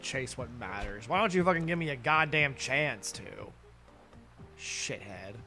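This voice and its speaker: He's a young man streaming a game at home, sharp-toned and animated, his high-ish voice moving at normal speed over soft background music. The rant into his desk microphone is heated, profane and laced with sarcasm.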